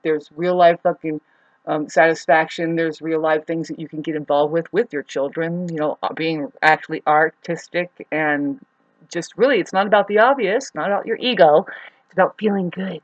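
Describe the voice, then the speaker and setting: A woman's voice: low-pitched, normal speed, no room sound, rough recording. Frustrated, swearing woman ranting. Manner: frustrated, profane, swings loud and soft. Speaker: astrology vlogger. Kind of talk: rambling monologue.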